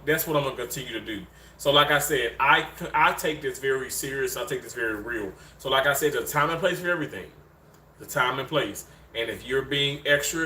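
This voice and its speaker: A man in his thirties hosting a casual livestream and reading viewer comments, animated and emotional, dropping low and earnest then jumping high and excited, recorded on handheld mics in a room at home. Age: 30s. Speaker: livestream host. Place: indoor room with a bed. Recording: echoey room, faint background noise.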